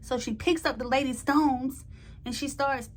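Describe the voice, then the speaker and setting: A woman telling a story to camera in an informal, slangy way, growing loud and emphatic when worked up. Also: sits high, steady tone, unhurried, slight background noise. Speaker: storytime vlogger. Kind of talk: casual storytelling.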